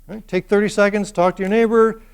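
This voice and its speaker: A man with a high speaking voice lectures a university class. He is animated and keeps drawing the students in with questions. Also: brisk, clean tone.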